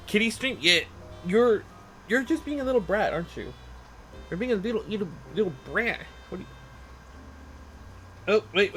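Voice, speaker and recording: A man's voice: high-pitched, a bit bright, a little hiss or hum. A man streaming casually from his home desk, rambling and teasing his cat while he chats. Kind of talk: casual live-stream chat.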